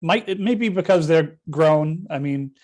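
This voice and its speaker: A man co-hosting a casual sports podcast, rambling and telling stories. His voice sits a little higher than most men's. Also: measured pace, darkish tone. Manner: rambling, storytelling. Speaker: podcast co-host.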